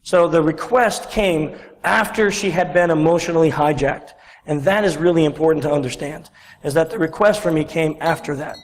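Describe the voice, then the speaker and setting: Animated man telling a story in a hall. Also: a little high, moderate pace. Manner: animated storyteller, acts out other voices. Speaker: conference speaker. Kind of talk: storytelling conference talk. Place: large conference hall. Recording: reverberant lecture hall recording.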